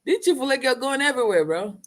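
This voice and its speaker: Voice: high voice, very animated, quick pace, fairly bright tone, soft background music. A streamer giving casual reaction commentary in loose slang, often repeating himself.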